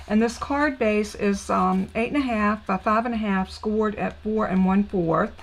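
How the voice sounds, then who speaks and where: A woman's voice: medium pitch, gravelly, rough recording. Chatty Southern woman crafting live. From Southern United States. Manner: chatty, gushing, thinks aloud with fillers. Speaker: card-making demonstrator.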